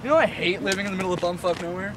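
A man's voice: sits high, rapid-fire. Goofy young man swearing outdoors. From Canada. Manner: crude, goofy, swears a lot. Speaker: vlogger. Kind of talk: casual joking chat. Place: outdoors by a road. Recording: outdoor noise, traffic passing.

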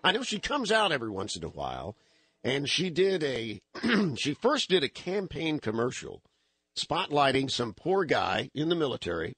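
Husky, animated male talk radio host. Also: fairly high pitch, normal speed. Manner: animated, rambling, frequent restarts and fillers. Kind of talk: conservative talk radio commentary. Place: radio studio.

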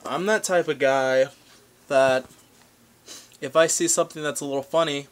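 A man's voice: on the high side, normal speed. A young man vlogging a comedic rant to camera, rambling and goofy, with random outbursts.

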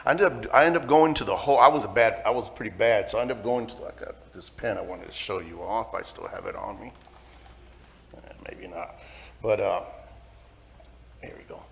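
A middle-aged man giving his testimony in church, halting and repeating words as he tells his story frankly. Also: on the low side, gravelly, a bit bright, slight background noise.

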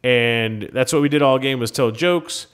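A man's voice: mid-range voice, normal speed, smooth. A man from Minnesota co-hosting a podcast, telling stories in casual chat and acting out the dialogue. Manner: animated storyteller, acts out quoted dialogue. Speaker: podcast co-host.

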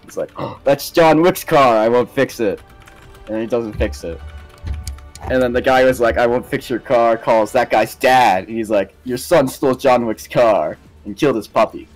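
Young male co-host, mid-pitched everyday voice, relaxed slangy storytelling. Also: moderate pace, soft background music. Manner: laid-back, loose storytelling with slang. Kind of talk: casual movie recap chat while gaming.

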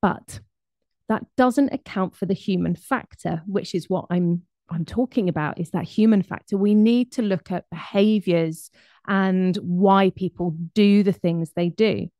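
Brief: woman presenter, chatty and animated, mid-range voice, close dry recording. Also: medium pitch, measured pace, no echo. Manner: lively, conversational, with laughs and asides. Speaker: speaker on behaviour. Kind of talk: presentation to an audience.

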